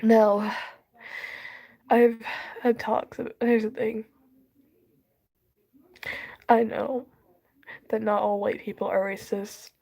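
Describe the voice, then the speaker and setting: A woman on the edge of tears vents in an emotional vlog, her voice husky and gravelly with fry. She sighs often and sinks into whispers between outbursts. Her pitch sits a little high. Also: level tone, slow pace, long pauses, mellow. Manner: tearful, sighing, dropping into whispers. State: crying. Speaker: vlogger.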